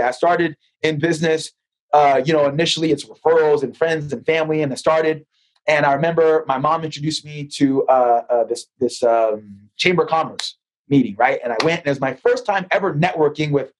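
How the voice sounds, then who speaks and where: A husky man with a high voice, guest on a podcast interview. He tells lively stories, acts out both sides of conversations, and often doubles up words when he restarts a sentence. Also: a little fast, rough recording. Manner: lively storyteller who acts out dialogue. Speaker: guest, financial advisor.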